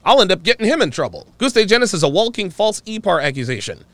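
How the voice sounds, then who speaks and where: Male podcast host, lively pitch swings, mocking and opinionated, dry close sound. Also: fast, dry recording. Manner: mocking, mimics others in exaggerated voices. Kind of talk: opinionated commentary on a live call-in stream.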